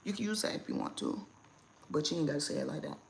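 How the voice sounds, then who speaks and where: Woman host, lower-pitched, blunt and animated casual livestream chat from home. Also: quick pace, gravelly, background noise. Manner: blunt, animated, laughs often.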